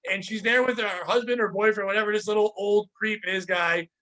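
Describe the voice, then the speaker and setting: A man's voice: fairly quick, rough recording. A podcast host telling a work story in casual chat, acting out the other people's lines as he goes. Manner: animated storyteller, acts out quotes with pitch jumps.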